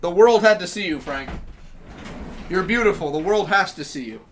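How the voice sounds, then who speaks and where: A man's voice: sits high, expressive, moderate pace, slight background noise. A man streaming a game live, chatting casually and talking affectionately to his dogs. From Minnesota.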